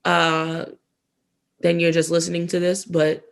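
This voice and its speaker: A woman's voice: lowish voice, monotone, unhurried, creaky. Woman co-host, casual mukbang podcast chatter, laughs often, talks through shopping and food tips. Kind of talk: casual podcast chat while eating.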